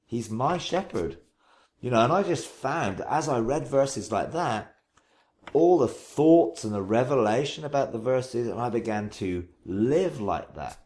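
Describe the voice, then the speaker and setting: A preacher talking earnestly in an interview about his faith, unhurried, often restarting and repeating phrases, and slowing to recite scripture with emphasis. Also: medium pitch, lively intonation, darkish tone. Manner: slow, emphatic recitation when quoting scripture. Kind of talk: reflective interview testimony.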